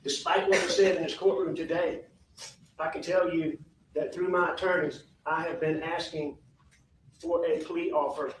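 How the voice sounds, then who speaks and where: A man speaking slowly and haltingly as a defendant in a courtroom, repeating his apologies in a formal statement. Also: a little high, steady tone, a little hiss or hum. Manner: slow, halting and repetitive, apologetic. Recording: echoey distant courtroom audio.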